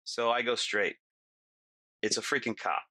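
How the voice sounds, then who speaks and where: A middle-aged man as a podcast guest, telling a story in casual talk, animated and laughing often, acting out what people said. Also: mid-range voice, measured pace, no room sound.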